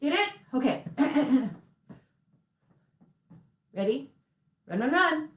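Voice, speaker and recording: A woman's voice: high-pitched, very animated, very slow. A young woman hosting a playful children's sing-along class, encouraging and laughing often. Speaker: children's music class host. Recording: roomy echo.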